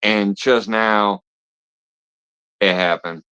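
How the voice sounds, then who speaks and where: A man's voice: on the low side, fairly even intonation, extremely slow, sharp tone, clear, resonant tone, poor audio. A man hosting a live stream who talks to his viewers bluntly and swears heavily as he scolds them. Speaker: livestream host of a fishing channel.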